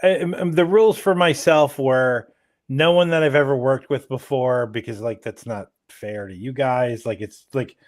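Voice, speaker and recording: A man's voice: mid-range voice, moderate pace. Sarcastic man co-hosting a podcast. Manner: laughing, sarcastic. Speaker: podcast co-host. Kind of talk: casual chat.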